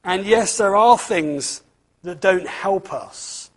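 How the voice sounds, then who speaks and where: A man's voice: sits high, expressive, slow pace. A man giving a children's talk at church, reading a storybook aloud and asking the listeners questions.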